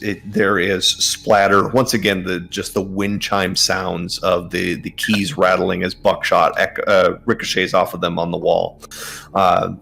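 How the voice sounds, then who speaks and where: A man narrating a tabletop game as game master, relaxed and hesitant, with many fillers. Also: sits low, vocal fry, a little hiss or hum.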